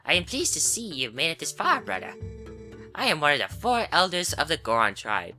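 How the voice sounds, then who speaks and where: A woman voicing a solemn old male rock-creature elder, speaking slowly and formally in a put-on bad Italian accent. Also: deep voice, sing-song, pushed and bright, full character voice. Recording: game music behind voice.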